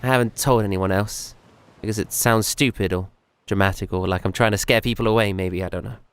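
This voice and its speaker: A man playing a troubled young man opening up about a fear, halting and quietly earnest. The voice sits fairly low and is recorded dry and close. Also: steady tone, clean tone, no room sound, lightly acted. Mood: uneasy confiding.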